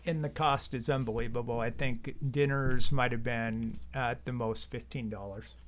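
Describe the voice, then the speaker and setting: A man's voice: mid-range voice, fairly even intonation, normal speed. A man on a podcast as a guest, making short, plain-spoken remarks in casual talk. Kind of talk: casual chat.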